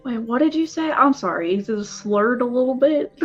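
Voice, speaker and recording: A woman's voice: on the high side, animated, moderate pace, dull audio, soft background music. A woman chatting casually as a player in a tabletop game, with frequent fillers.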